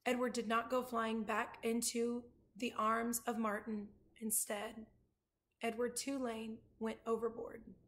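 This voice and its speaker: A woman's voice: fairly high pitch, flat delivery, slow, fairly bright tone. Woman reading a children's book aloud. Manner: showing pictures to listeners. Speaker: reader.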